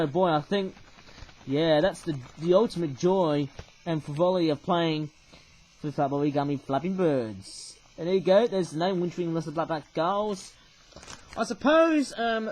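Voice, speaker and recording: Man, high voice, casual toy review, rambling, lots of fillers, faint background hiss. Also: rough recording. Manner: rambling, tags remarks with "I suppose, eh?"; hesitant, many fillers and restarts.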